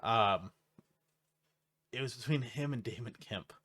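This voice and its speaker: A man's voice: medium pitch, fairly bright tone, husky. A man co-hosting a podcast, talking about wrestling in a blunt, casual way with frequent swearing. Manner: blunt, swears often, quick laughs. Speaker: podcast co-host.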